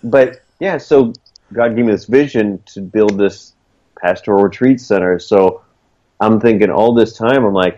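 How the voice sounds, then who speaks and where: A man's voice: fairly low pitch, normal speed, darkish tone. A man telling his story in casual, earnest talk, rambling with lots of fillers. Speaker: guest, small business owner. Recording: dull lo-fi recording.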